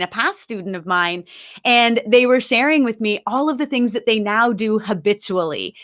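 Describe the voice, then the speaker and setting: A woman giving an encouraging, emphatic webinar talk as a nutrition coach, at times guiding a slow breathing exercise. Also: a little high, a bit bright.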